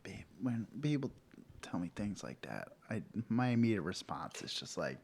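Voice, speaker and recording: A man co-hosting a comedy podcast, joking in animated casual banter and slipping into silly voices. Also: lowish voice, moderate pace, creaky, slight background noise. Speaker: podcast co-host.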